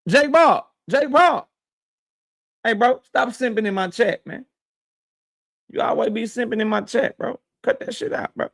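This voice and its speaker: A man's voice: very high-pitched, a little slow, gravelly, pauses often, a bit bright. A man hosting a boxing live stream, reading chat and riffing loosely with lots of profanity and slang. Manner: loose, profane, trash-talking, reads chat aloud. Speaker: boxing channel host.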